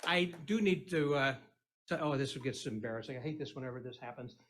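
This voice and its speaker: A man's voice: mid-range voice, fairly quick, fairly bright tone. A man doing a comedy magic act on a live stage, trading corny puns and banter with the audience. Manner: corny punning patter, chatty, teasing the crowd.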